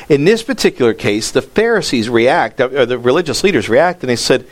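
A man's voice: a little high, expressive, moderate pace, hardly any pauses. A pastor delivering a sermon in a conversational way, raising his voice for emphasis. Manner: conversational preaching that rises in emphasis on quoted lines.

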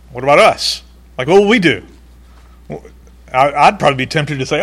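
Animated preacher, fairly high voice. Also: male voice, moderate pace, long pauses. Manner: animated, acts out quoted voices, laughs now and then. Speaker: pastor. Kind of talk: sermon.

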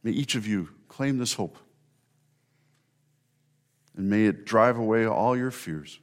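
A man's voice: lowish voice, expressive. Earnest man preaching an Easter sermon. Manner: earnest storytelling with rising emphasis and pauses. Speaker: pastor.

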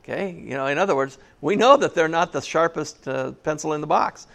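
A man's voice: fairly high pitch, lively intonation, fairly quick, vocal fry, a bit bright. A man preaching a sermon in a church, conversational and jokey, often asking the congregation questions. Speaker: pastor.

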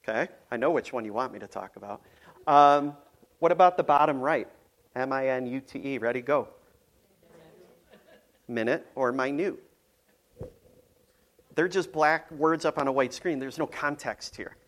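A man's voice: medium pitch, normal speed, fairly bright tone. A man preaching a casual, conversational sermon, playful and full of ums and restarts. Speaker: pastor.

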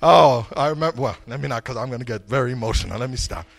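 A middle-aged male pastor preaching a sermon in a church, swinging between booming shouts and soft asides, often stammering and repeating words. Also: fast talker, gravelly. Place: church, before a congregation.

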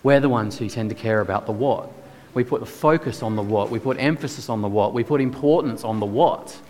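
A man's voice: medium pitch, fairly quick, darkish tone, slight background noise. Aussie guy preaching a sermon, earnest, lots of rhetorical questions, church echo trailing off.

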